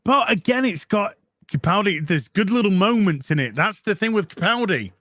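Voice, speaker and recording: A British man co-hosting a casual show, excitable and swearing often as he chats. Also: sits high, normal speed, dry recording, studio quality. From United Kingdom. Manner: animated, excitable, swears often, laughs a lot. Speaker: podcast co-host. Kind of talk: casual chat.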